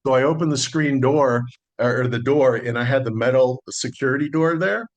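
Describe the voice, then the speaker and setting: A middle-aged man, a solar sales consultant, telling a relaxed story in a podcast interview and acting out the dialogue. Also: mid-range voice, normal speed, lo-fi sound. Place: Las Vegas.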